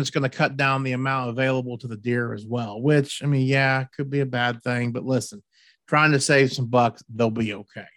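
A man's voice: mid-range voice, fairly bright tone, dry recording, studio quality. A man hosting a hunting show, talking in a folksy, repetitive, pushy way. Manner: folksy, repeats words, pushy about tips. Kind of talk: casual podcast chat.

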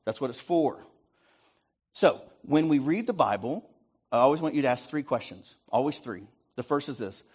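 Lively pastor preaching with call-and-response. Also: male voice, mid-range voice, moderate pace, slightly rough. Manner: rhetorical call-and-response, repeated "right?". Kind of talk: sermon.

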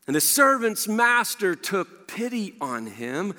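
A man preaching a sermon, animated, often acting out what the people in the story say. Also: high voice, moderate pace, hardly any pauses. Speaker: pastor. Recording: reverberant hall.

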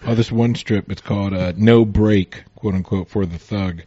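A man's voice: lowish voice, steady tone, moderate pace, warm tone, husky, no echo, muffled recording. A man in a casual chat, animatedly retelling comic strips.

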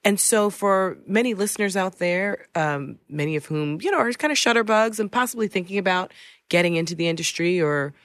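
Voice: mid-range voice, fairly quick, fairly bright tone, no room sound. A podcast host leading a casual interview with chatty, friendly questions.

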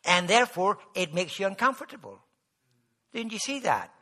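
Man preaching, bright forceful tone, fairly high voice, quiet storytelling to loud emphasis. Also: very animated, normal speed. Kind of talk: sermon with storytelling.

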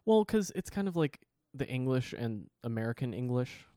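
Lively, dry-witted podcast co-host man. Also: mid-range voice, normal speed, dry recording. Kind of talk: casual chat.

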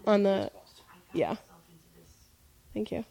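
A woman co-hosting a relaxed podcast from a couch at home. She talks in a loose, playful, chatty way, with a voice of middling pitch. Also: drawn-out words, gravelly. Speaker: podcast co-host. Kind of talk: casual chat watching a show.

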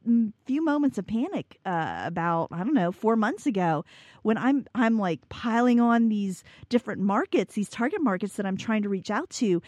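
A woman talks openly about her business in a relaxed podcast chat. She rambles and often restarts her sentences. The sound is close and dry. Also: mid-range voice, no room sound. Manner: candid, rambling, self-correcting with restarts and laughs. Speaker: business owner guest.

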